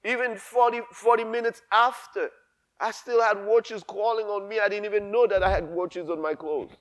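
A man's voice: high voice, fairly even intonation, normal speed, fairly bright tone. A male pastor preaching a sermon, impassioned and emphatic, repeating phrases for force.

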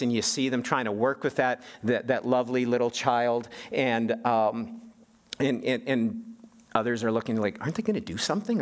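A man preaching a sermon as pastor. He speaks emphatically and often restarts and repeats his words. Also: medium pitch.

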